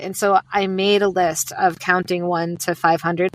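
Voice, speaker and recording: A woman's voice: on the low side, level tone, measured pace. A woman with an American accent, a podcast guest chatting casually and upbeat with many restarts. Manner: chatty, upbeat, fillers and self-interrupting restarts. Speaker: podcast guest, sleep podcast host. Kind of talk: casual conversational interview.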